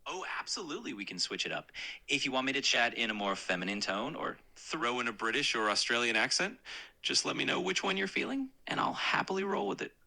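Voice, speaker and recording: A man's voice: mid-range voice, sing-song, a little fast, pushed and bright, low-quality recording. A man's synthetic voice-assistant voice, eager and agreeable, played from a phone speaker.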